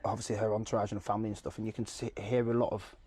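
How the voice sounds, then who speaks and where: An English man chatting casually as a podcast guest, laughing often and throwing in quick asides. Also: on the low side, little pitch movement, dark tone, husky. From England. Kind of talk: casual chat.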